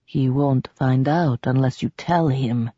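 A woman's voice: a bass voice, takes it slowly, dark tone, slightly rough, no room sound, muffled recording, voice pushed down, heavily acted. A woman reading an audiobook, voicing a brooding, cursed immortal man who speaks tersely. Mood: grim. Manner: terse, tense.

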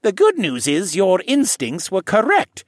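A man voicing an earnest, kindly male koala man who gives calm advice. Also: high-pitched, measured pace, no echo, studio quality, voice pushed up, full character voice.

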